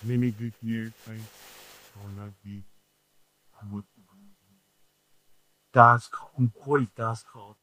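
Slow-talking bright-voiced male preacher. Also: mid-range voice, poor audio. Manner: animated, acts out scenes with shouts and voices. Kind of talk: storytelling sermon.

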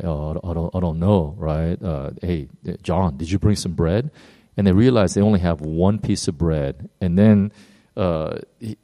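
Animated man preaching with acted-out quotes. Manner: animated, uneven pace with many fillers and restarts; acts out quoted lines with sudden rises in pitch. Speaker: pastor. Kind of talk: sermon.

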